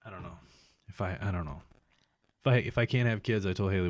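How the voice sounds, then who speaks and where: A man's voice: low-pitched, fast talker, dry recording, clean studio sound. Rambling, swear-heavy young man. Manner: swears a lot, rambling with restarts. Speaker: host. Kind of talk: casual chat. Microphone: headphones.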